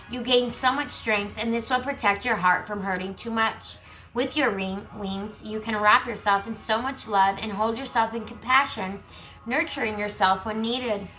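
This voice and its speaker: A woman giving a collective tarot reading who reads card texts aloud and breaks into chatty asides. She is losing her voice and keeps clearing her throat. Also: mid-range voice, moderate pace, pushed and bright, faint music behind, rough recording. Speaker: tarot reader.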